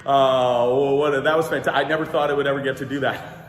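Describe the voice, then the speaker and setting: A man's voice: mid-range voice, fairly even intonation, fast talker, slight background noise. A man hosting a vlog segment at a dog kennel, joking and laughing often as he talks to the camera. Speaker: show host filming a segment. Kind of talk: handheld vlog commentary. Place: dog kennel with barking dogs. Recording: echoey pen, loud barking dogs.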